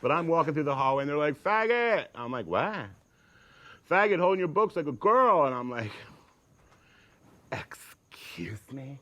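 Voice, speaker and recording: A man's voice: mid-range voice, fairly bright tone. Campy man telling a comic story. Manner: theatrical, acts out voices with big swings; campy, sassy asides.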